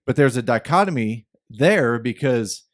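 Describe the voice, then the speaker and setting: A man's voice: medium pitch, lively intonation, a little slow, no echo, studio quality. A man hosting a casual podcast chat, rambling with many restarts and swearing freely. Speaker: podcast host.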